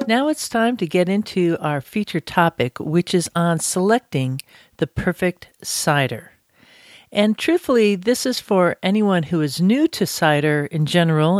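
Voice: mid-range voice, dry recording, studio quality. A podcast host talking casually and enthusiastically, chatty and loose, with frequent restarts and asides. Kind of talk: casual solo podcast talk.

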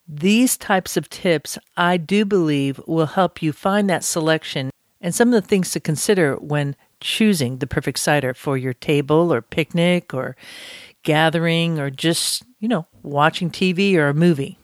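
An enthusiastic podcast host rambling happily through a solo episode, full of asides and little restarts. The voice sits at a middle pitch. It is recorded close and dry, with no room sound. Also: unhurried, dry recording. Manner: chatty, enthusiastic, with frequent restarts. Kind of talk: casual solo podcast talk.

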